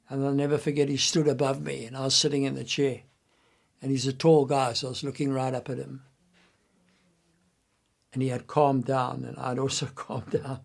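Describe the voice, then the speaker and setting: An older man telling a personal story earnestly, quoting others in his own voice and dropping low and quiet at tense moments. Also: creaky. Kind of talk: personal anecdote.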